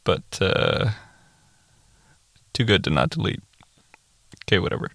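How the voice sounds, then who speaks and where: Self-mocking podcast host, gravelly man. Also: low-pitched, sing-song, a little slow, pauses often, a bit bright, no echo. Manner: self-deprecating and mumbling. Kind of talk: casual solo podcast outro and outtakes.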